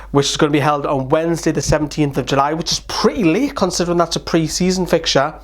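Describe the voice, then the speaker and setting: A young man gives a casual, rambling vlog update. He sounds worn out but stays chatty, his voice pitched a little above the usual male range. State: tired. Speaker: fan channel host.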